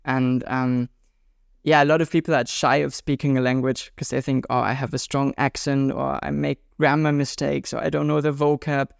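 In clean, dry studio sound, a German man in his twenties speaks with a German accent at normal speed, his clean-toned voice a bit creaky. He's an interview guest, a world traveler and juggler, chatting upbeat and casually, his pitch jumping up when he gets animated.

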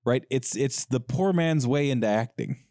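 A man co-hosting a movie podcast, tossing in quick joking asides. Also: mid-range voice, darkish tone. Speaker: podcast co-host. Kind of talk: casual movie review chat.

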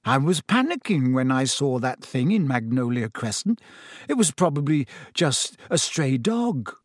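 A man's voice: mid-range voice, very animated, a little slow, no echo, studio quality. A man voicing a plain-spoken teenage boy wizard. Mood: defiant. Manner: defiant, straightforward. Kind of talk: audiobook character voice.

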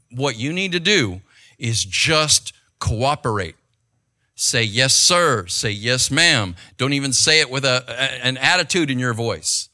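A middle-aged man speaks in a conversational monologue, his voice fairly high and very bright. He tells stories with animation, swinging his pitch widely and often stopping to check in with the listener. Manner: animated storytelling, rhetorical check-ins with the listener. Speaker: speaker giving advice.

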